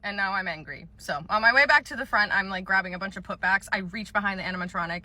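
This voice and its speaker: A young woman telling comedic storytime skits about retail work, deadpan and sarcastic. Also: medium pitch, quick pace, hardly any pauses, slight background noise. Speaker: comedy creator, former store cashier.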